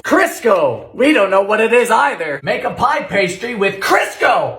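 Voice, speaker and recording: Young male comic baking host; high, very animated delivery, roomy home kitchen sound. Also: unhurried, few pauses. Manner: theatrical, deadpan asides and sudden shouts. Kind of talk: comedic cooking narration.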